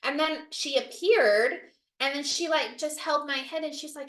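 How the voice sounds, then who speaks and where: Young woman podcast co-host, high voice, rambling filler-heavy storytelling, roomy echo. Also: measured pace, pushed and bright. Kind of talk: casual chat.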